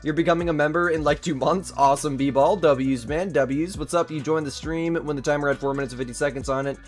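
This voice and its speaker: A young male streamer talks in a casual, rambling way, holding his voice down, pitched a little above the usual male range. Faint music plays behind him. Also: fairly even intonation, brisk. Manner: holding his voice down to stay quiet; rambling, chatty, thinks aloud. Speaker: gaming streamer. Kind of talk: casual live-stream commentary.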